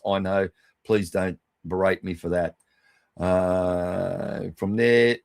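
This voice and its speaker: Lower-voiced man giving matey shout-outs. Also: unhurried, gravelly, no echo. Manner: matey and affectionate, swears freely. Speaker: livestream host. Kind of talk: casual livestream shout-outs.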